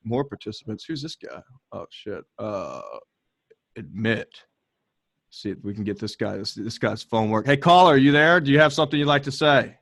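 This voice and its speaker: A man runs a casual podcast in an easygoing way. His pitch sits in the middle range. His jokes come out dry and deadpan. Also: normal speed. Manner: laid-back, deadpan joking. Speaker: podcast host.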